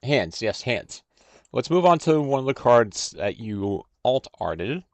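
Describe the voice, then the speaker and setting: A man hosting a casual livestream, thinking aloud in a halting, unhurried way while he works on cards. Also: mid-range voice, sing-song, no echo. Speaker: stream host.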